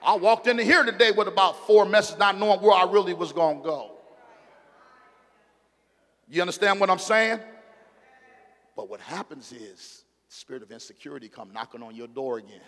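Middle-aged man preaching in a church, raised pitch, big swings between hushed and shouted, reverberant room. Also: expressive, moderate pace, pauses often. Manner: preaching with call-and-response, surging from low asides to loud shouted emphasis. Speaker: pastor. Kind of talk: sermon. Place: church sanctuary. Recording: long hall reverb.

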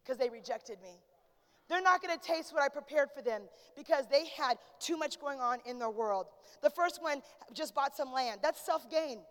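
Woman pastor, sermon, high voice, long hall reverb, calls out to the congregation. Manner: preaching, swings from hushed storytelling to shouted praise.

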